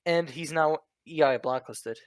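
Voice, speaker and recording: A man's voice: on the high side, unhurried, no echo. A young man with a Czech accent chatting casually on a voice call, laughing often and restarting his sentences. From Czech Republic. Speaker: online roleplay group leader. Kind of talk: casual voice chat.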